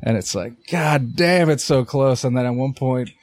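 A young man co-hosting a podcast, telling an animated story in casual chat and swearing a lot. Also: medium pitch, fairly quick, no echo. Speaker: podcast co-host.

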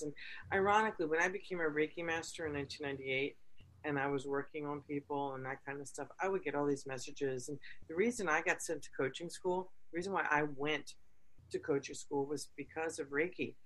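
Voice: medium pitch, brisk, fairly bright tone, rough recording. A host who is a coach and Reiki practitioner, speaking earnestly in casual conversation and repeating key words for emphasis.

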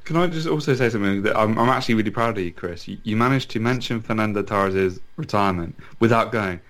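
A man's voice: lowish voice, fast, hardly any pauses, fairly bright tone. A man co-hosting a casual football podcast, laughing as he ribs a friend and repeating words as he talks. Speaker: podcast co-host.

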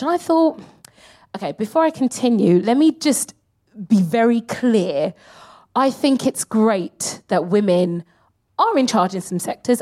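A woman, co-hosting a live comedy podcast in an animated, sweary style and slipping into mocking impressions. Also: mid-range voice. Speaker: co-host. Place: live stage before an audience.

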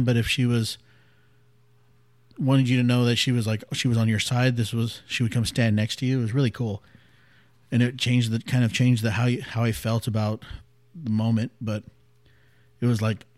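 A man in his late thirties, a podcast host telling a personal story in a candid, reflective way, often dropping to a hushed voice. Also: mid-range voice, no echo.

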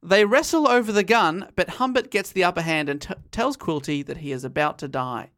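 Podcast host recapping a novel, mid-pitched. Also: brisk, fairly bright tone. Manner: recounts the plot with laughter, quoting passages. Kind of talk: casual chat and story recap.

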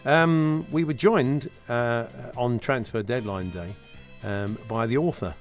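A man's voice: mid-range voice, takes it slowly, faint music behind. A man hosting a podcast, quizzing his co-host in casual chat with lots of hesitations. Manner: chatty, hesitant with many uhs.

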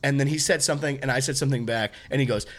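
A young man co-hosting a podcast, telling a story in animated casual chat and quoting people a lot. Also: medium pitch, rapid-fire. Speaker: podcast co-host.

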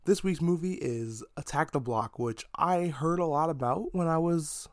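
A man hosting a podcast, chatting casually about a movie in an animated, swearing way. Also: a little high, moderate pace, no room sound, clean studio sound. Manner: animated, profane, slips into mock slang quotes. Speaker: podcast host. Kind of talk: casual movie review monologue.

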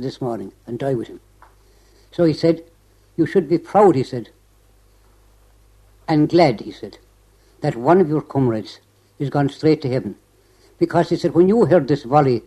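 An elderly Irish man tells a remembered story to an interviewer, his voice dark and mellow in tone. He rambles, restarts his phrases and strings everything together with "he said" after nearly every clause. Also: a little high, rough recording. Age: older. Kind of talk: oral history recollection.

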